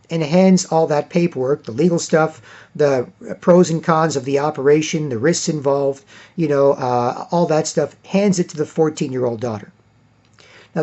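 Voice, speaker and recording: A man's voice: a little high, a little mellow, muffled recording. A man giving an emphatic, repetitive monologue, acting out quotes as he talks. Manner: emphatic, repeats himself, acts out quotes. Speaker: commentator. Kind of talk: casual monologue.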